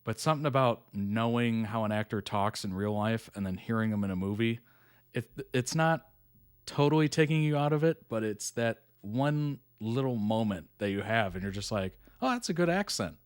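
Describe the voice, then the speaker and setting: A man's voice: lowish voice, moderate pace, clean tone, dry recording, clean studio sound. Easygoing man chatting through reactions. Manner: easygoing, chatty, laughs often; reads article text aloud plainly. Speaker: reaction channel host. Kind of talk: casual reaction commentary.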